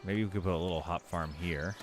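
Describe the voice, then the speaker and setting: A man's voice: sits low, fairly even intonation, fast. A man giving casual live commentary while he plays a city-building game, rambling and correcting himself as he thinks aloud.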